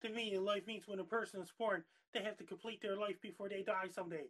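A man's voice: high-pitched, fairly even intonation, quick pace, fairly bright tone. A man from Nova Scotia, upbeat and repetitive, rattling off long lists of places and names in a greeting roll call. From Nova Scotia, Canada. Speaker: guest with his own video channel. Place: outdoors on a street.

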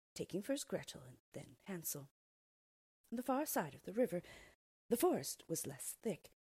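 A woman reading a fairy tale aloud in an expressive storyteller's way. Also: on the low side, husky, dry recording.

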